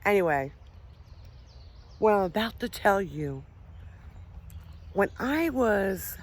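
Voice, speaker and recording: Woman rambling on a trail vlog, chatty, keeps getting sidetracked, swears a bit. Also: medium pitch. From Pennsylvania, USA. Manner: chatty, rambling, easily distracted, swears casually. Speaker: paranormal vlogger. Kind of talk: casual walking vlog. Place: outdoors on a park trail.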